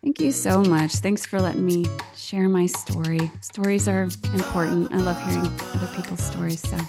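A woman talking as a guest on a podcast over a video call, chatty and quick to laugh. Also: on the low side, vocal fry, music in the background. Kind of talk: casual interview chat.

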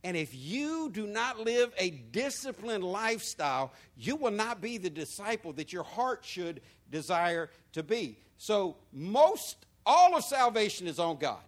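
Animated preacher man, fairly high voice. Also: unhurried, few pauses. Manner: lively preaching with swings from soft to loud. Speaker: pastor. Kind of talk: sermon.

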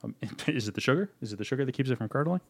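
Man, from virginia, rapid talker, joking, rambling, casual beer tasting chat. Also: medium pitch, expressive, creaky. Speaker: beer review podcast co-host.

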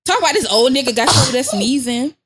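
A woman co-hosting a podcast, gossiping crudely with laughs, sighs and loud exclamations. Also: high voice, animated, fast talker, a little hiss or hum. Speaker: podcast co-host. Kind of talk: casual chat.

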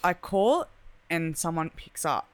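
An animated young woman tells a story on a casual podcast. Her voice is smooth and clear, recorded close with no room sound. She rattles on with plenty of "like" and acts out the people she quotes. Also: sits low, takes it slowly, no echo.

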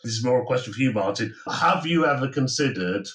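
A man's voice: mid-range voice, animated, a little fast, a bit bright, low-quality recording. A middle-aged man from Manchester with a faint Manchester accent, hosting a podcast and asking long, rambling, chatty questions. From Manchester, England. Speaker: podcast host. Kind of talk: conversational podcast interview.

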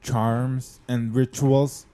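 A man playing a formal interrogator questioning an accused woman in an audio drama, measured and insistent. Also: mid-range voice, flat delivery, warm tone, faint music behind. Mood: stern. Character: stern male interrogator, officious and persistent.

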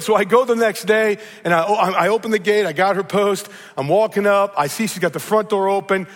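A man's voice: high-pitched, fairly quick, hardly any pauses. A middle-aged man with a Midwestern accent, preaching a sermon and telling a story in an earnest way. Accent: Midwestern American. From American Midwest. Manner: storytelling, earnest, repeats words when starting. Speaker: pastor. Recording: long reverb of a large hall.

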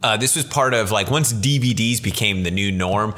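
A man's voice: fairly low pitch, normal speed, a bit bright. A man hosting a podcast, chatting casually and enthusiastically about old films, rambling and correcting himself as he goes. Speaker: podcast host. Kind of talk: casual film chat.

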